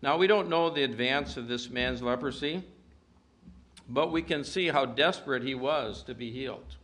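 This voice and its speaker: A man preaching a sermon in an earnest manner, reading scripture aloud with emphatic rises and hushed drops. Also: mid-range voice, moderate pace.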